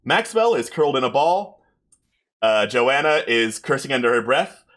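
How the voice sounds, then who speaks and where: A man's voice: mid-range voice, big pitch swings, moderate pace, fairly bright tone. A man hosting a livestream and narrating as game master, playful and self-mocking. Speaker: game master and stream host.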